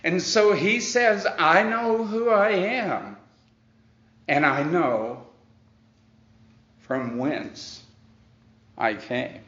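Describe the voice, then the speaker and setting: Male pastor reading scripture and explaining it slowly, stresses key words, roomy echo. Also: sits high, animated, fairly bright tone. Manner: reads scripture aloud, then explains it point by point; leans hard on key words. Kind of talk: verse-by-verse Bible teaching. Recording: echoey room, dull muffled sound.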